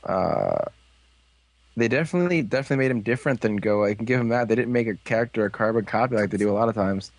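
A man in casual fan chat on a podcast, rambling with halting restarts and acted-out quotes. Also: fairly low pitch, dry recording. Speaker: podcast co-host.

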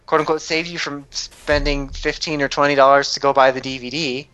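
A man co-hosting a relaxed podcast, talking in a loose, filler-heavy way. He agrees readily and slips in playful pop-culture references. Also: medium pitch, brisk, clean tone, muffled recording. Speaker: podcast co-host. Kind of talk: casual chat about a movie.

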